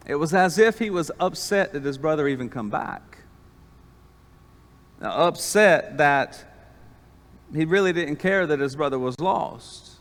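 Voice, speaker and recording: A man preaching an animated sermon as pastor, calling on the congregation to respond. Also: a little high, a little slow, pauses often. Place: church sanctuary. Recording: long church reverb.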